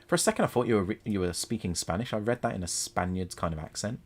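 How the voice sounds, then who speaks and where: A man's voice: lowish voice, very animated. A man, casually chatting and laughing on a live stream while painting miniatures. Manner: chatty and playful, quick to laugh.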